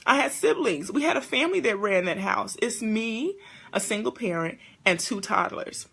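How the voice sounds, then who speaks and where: Gravelly, bright-voiced woman. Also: mid-range voice, moderate pace. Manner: animated, talks to viewers as "y'all" and "honey". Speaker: host. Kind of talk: casual live-stream talk.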